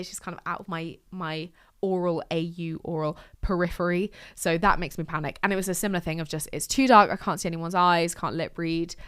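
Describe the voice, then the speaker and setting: A woman's voice: lowish voice, smooth, dry recording, studio quality. Chatty self-deprecating young woman podcaster. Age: 20s. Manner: chatty, self-deprecating, frequent laughs and sweary asides. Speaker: podcast host. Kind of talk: casual diary monologue. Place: lives in Glasgow.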